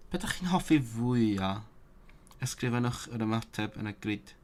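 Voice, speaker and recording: A man's voice: medium pitch, animated, normal speed, a little mellow. A man live-streaming his language study, thinking aloud and sounding out words, correcting himself as he goes. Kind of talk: casual live stream talk.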